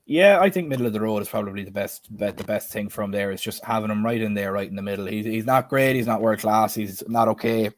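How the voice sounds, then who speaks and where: A man's voice: fairly low pitch, quick pace, few pauses, slight background noise. A man in his twenties with an Irish accent, hosting a casual football chat stream and putting questions to his guests in a chatty, self-deprecating way. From Ireland. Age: 20s. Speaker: stream host.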